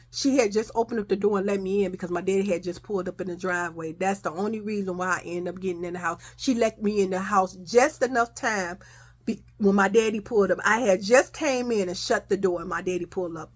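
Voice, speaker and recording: With a medium-pitched voice, a woman shares a childhood story, swearing freely, staying animated and casual, and often saying "y'all" to her listeners.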